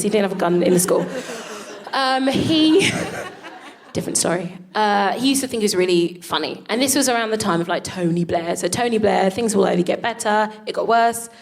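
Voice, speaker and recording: A woman co-hosting a show, telling comic stories on stage in an animated way, swearing and laughing often. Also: medium pitch. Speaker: co-host. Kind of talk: comic storytelling before a live audience. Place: live stage.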